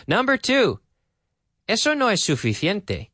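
A man teaching an English lesson, repeating phrases slowly and then explaining them. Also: high voice, wildly swooping pitch, bright, forceful tone.

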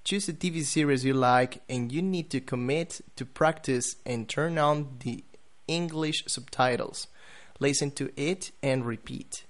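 A man hosts an English pronunciation lesson as a podcast. His voice sits at an ordinary middle pitch, and his delivery is deliberate, slowing down to say example words one at a time.

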